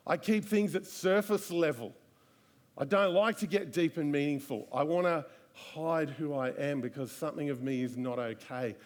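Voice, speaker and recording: A man preaching a live church sermon, earnest and full of rhetorical questions. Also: on the high side. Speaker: pastor. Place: church service.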